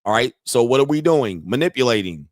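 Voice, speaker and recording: A man's voice: mid-range voice, animated, brisk, no room sound, clean studio sound. A man hosting a reaction commentary, brash and mocking, with loose slang. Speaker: commentary host.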